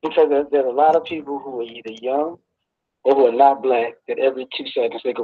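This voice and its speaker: A co-host joins the call-in banter and presses the caller with pointed, doubting questions. The voice sits at a middling pitch. It comes through slightly dull and muffled. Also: fairly even intonation, fast. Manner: skeptical, grilling questions.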